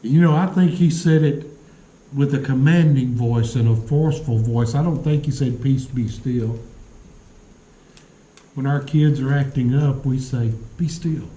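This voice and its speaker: A man preaching a sermon in a church, telling stories earnestly with dramatic pauses. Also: mid-range voice, mellow, roomy sound, rough recording. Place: church sanctuary.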